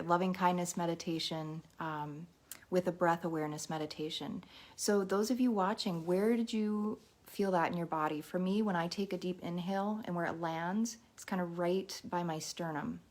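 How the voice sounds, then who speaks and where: A woman leading a live guided meditation and mindfulness talk, gentle and encouraging, speaking straight to her viewers. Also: lowish voice, fairly even intonation, normal speed.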